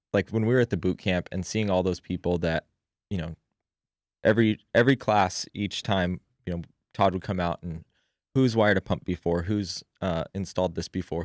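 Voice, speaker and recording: A man with a very deep voice chats as a podcast guest, circling his points with constant fillers. The sound is dry and close to the mic. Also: darkish tone, dry recording. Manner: rambling, lots of "you know" fillers. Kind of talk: casual podcast chat.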